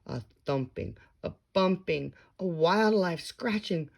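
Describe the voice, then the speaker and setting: A woman's voice: fairly low pitch, lively intonation, slow pace, gravelly. A woman reading a storybook aloud like a parent at bedtime, telling it expressively and dramatically.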